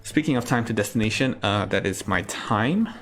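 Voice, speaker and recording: A man from Singapore performing a stand-up comedy set, telling a story deadpan with sudden outbursts. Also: on the low side, moderate pace, faint music behind.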